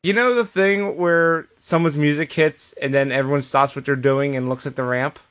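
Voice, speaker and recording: Higher-voiced man recapping wrestling shows. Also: normal speed, clean tone. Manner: animated storytelling with quoted asides and restarts. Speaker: podcast co-host. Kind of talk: casual wrestling recap chat.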